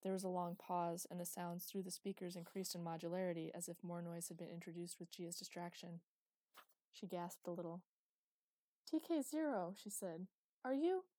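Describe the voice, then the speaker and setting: A woman narrating a science fiction audiobook in a steady storytelling manner. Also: on the low side, a little fast, dry recording. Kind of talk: scripted narration.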